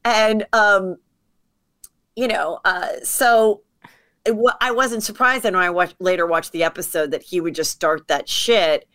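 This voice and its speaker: A woman comedian telling stories as a podcast guest, chatty and quick to act out what people said. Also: medium pitch, a bit bright. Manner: chatty storyteller acting out quotes. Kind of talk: casual podcast chat.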